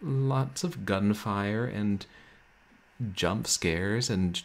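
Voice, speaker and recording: A man streaming a game and chatting with viewers in a laid-back, wry way, with a soft, somnolent voice and frequent chuckles. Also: lowish voice, extremely slow, vocal fry. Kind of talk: casual chat with stream viewers. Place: home room, roommates nearby.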